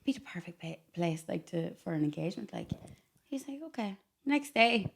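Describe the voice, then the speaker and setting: A woman's voice: on the low side, expressive, normal speed, gravelly. A young Irish woman, a podcast guest, chatting and telling a story with lots of laughs after a few drinks, her speech a little slurred. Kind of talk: casual tipsy chat.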